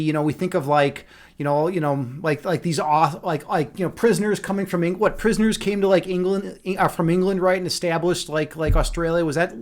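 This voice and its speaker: High-voiced rambling streamer man. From Chicago, USA. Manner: rambling, many fillers and restarts. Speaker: livestream host. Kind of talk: casual chat reading a live chat.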